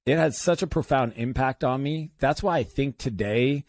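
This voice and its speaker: A man in his thirties, a guest author telling stories in a podcast interview, lively and acting out the voices of others. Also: normal speed, dry recording. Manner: animated, acts out quoted voices with big pitch jumps.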